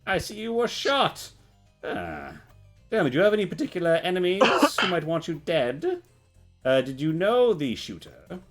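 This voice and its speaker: A man voicing a fussy, pompous male officer, using a high prissy voice. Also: huge pitch swings, moderate pace, soft background music.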